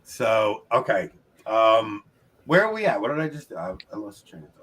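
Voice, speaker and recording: Bright-voiced Long Island host. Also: male voice, fairly low pitch, big pitch swings, husky. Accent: Long Island New York. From New York, United States. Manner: upbeat, chatty, laughs often, quick asides to the chat. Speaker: trivia show host. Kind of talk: casual livestream game hosting. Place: his home.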